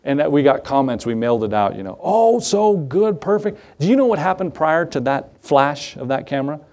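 A fast-talking male pastor with a mid-range voice delivers an emphatic sermon. Key phrases come back again and again alongside rhetorical questions, as he moves from raised passages to hushed asides.

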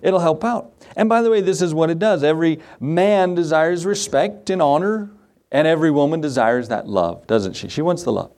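A man's voice: a little high, moderate pace, a little mellow. Folksy man preaching a sermon. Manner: folksy, conversational preaching with asides and chuckles. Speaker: pastor.

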